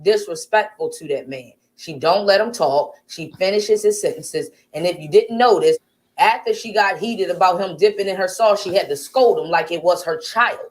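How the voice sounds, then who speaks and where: A woman's voice: lowish voice, normal speed. A woman giving blunt, scolding commentary while reacting to a video with a co-host.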